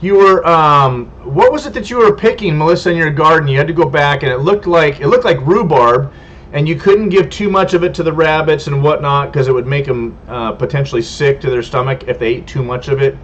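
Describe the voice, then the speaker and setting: Homestead livestream host, man from California, higher voice, friendly and rambling, dull lo-fi stream audio. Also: brisk, a bit bright. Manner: rambling and friendly, stumbles over names. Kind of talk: casual livestream chat, reading viewer comments.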